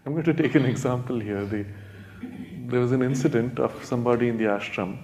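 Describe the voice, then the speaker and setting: Male spiritual teacher, gentle storyteller, mellow warm tone, rhetorical questions to the room. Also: medium pitch. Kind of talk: spiritual retreat talk. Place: retreat talk before a live audience.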